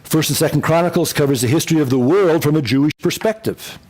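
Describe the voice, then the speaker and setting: A pastor teaching a Bible survey class, lively and repeating key points, sometimes acting out quotes in funny voices. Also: male voice, fairly high pitch, fast talker. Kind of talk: lecture.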